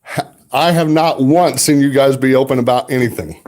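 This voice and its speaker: Upset man, halting and agitated. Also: medium pitch, a little mellow, no room sound, studio quality. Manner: agitated, halting, many restarts. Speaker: records requester livestreaming. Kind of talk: confrontational livestream. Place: in a car while driving.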